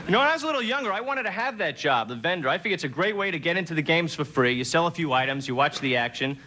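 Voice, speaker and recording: Young man doing deadpan stand-up. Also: fairly high pitch, slight background noise. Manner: deadpan, puts on many quick character voices. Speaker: stand-up comedian. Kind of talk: stand-up routine. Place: TV studio stage before a live audience.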